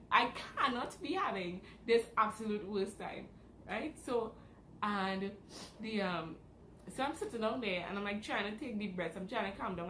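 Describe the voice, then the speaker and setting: A young woman telling a dramatic story in a casual vlog. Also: medium pitch. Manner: animated, dramatic retelling. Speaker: vlogger. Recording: roomy with faint background noise.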